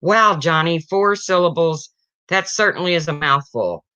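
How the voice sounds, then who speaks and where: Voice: medium pitch, measured pace, pushed and bright, clean tone, dry recording. A streamer doing a prim schoolteacher. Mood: encouraging. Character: schoolteacher quizzing her class. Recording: dull slightly lo-fi stream audio.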